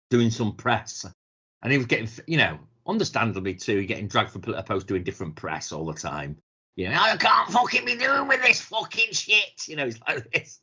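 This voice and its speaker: A man's voice: fairly low pitch, animated, a little fast, pushed and bright, breathy edge. A man, co-hosting a podcast in casual chat, telling stories full of swearing and putting on the voices of the people he quotes. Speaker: podcast co-host. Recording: dull lo-fi sound.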